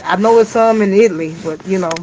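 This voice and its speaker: A man's voice: high voice, quick pace, a little mellow, highs cut off, a little hiss or hum. A man in a casual live discussion, rambling with frequent laughs and restarts. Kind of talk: casual chat.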